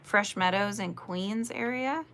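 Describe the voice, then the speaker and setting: Chatty gravelly woman crafting live. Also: mid-range voice, a little slow, sharp tone, slight background noise. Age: 40s. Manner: chatty, answers viewer comments, laughs often. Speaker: crochet livestream host. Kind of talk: casual chat while crocheting.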